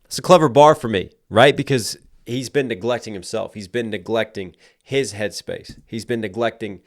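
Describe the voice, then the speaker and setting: Low-voiced man breaking down rap lyrics. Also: moderate pace, no room sound, clean studio sound. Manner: analytical; quotes lyrics back and breaks down the rhyme schemes; enthusiastic. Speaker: reaction video host and rapper. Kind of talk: music reaction commentary.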